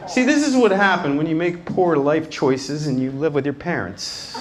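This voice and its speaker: A male stand-up comedian telling wry stories about his family with deadpan asides on a nightclub stage. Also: a little high, normal speed, a crowd in the background. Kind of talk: stand-up routine. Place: nightclub stage before a live audience. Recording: live club with audience laughter.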